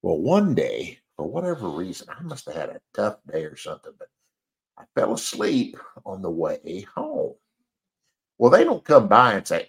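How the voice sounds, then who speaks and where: Deep-voiced man telling a rambling story. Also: wildly swooping pitch, normal speed, gravelly. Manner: rambling, chuckling, self-deprecating. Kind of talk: casual anecdote storytelling.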